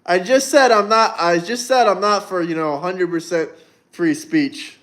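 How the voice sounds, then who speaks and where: A young man with a high, slightly bright voice talks at normal speed on his casual livestream. He reads out what viewers write and answers bluntly, rambling and swearing a good deal.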